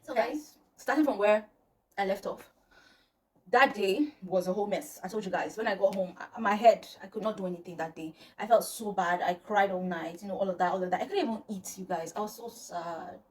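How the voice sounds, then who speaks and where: A woman's voice: medium pitch, fairly quick, a little mellow, slight background noise. A young woman, telling a personal story to her viewers in a dramatic, exclamatory way. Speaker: vlogger. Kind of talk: storytime vlog.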